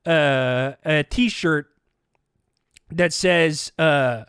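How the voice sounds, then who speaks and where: A man hosting a podcast, telling a comic story with animated delivery and acted-out voices. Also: on the high side, moderate pace, clean tone, no room sound, clean studio sound. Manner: animated, acts out quoted voices. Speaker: podcast host. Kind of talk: comedic storytelling.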